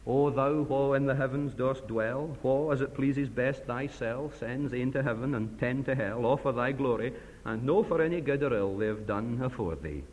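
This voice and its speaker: A man preaching puts on a Scots reciting voice for a self-satisfied old church elder at prayer, low and hushed. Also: normal speed, hardly any pauses, highs cut off, natural voice. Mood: sanctimonious. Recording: long hall reverb.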